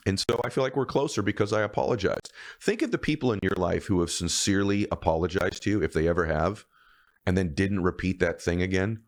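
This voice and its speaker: Deep-voiced man in his fifties, earnest. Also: fairly quick. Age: 50s. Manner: earnest, emphatic, storytelling. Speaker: motivational speaker. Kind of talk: motivational speech.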